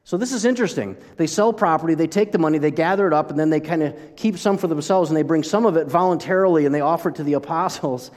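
A man preaching a sermon as pastor, conversational and animated, often breaking off and restarting his sentences. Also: fairly high pitch, fast, hardly any pauses, in a large hall. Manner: conversational, animated, self-interrupting.

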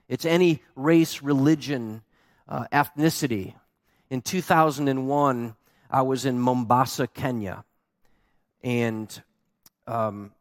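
A man preaching a sermon, telling his stories with animated, acted-out quotes. His voice sits at an ordinary pitch and sounds dry and close, with no room around it. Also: no echo. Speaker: pastor.

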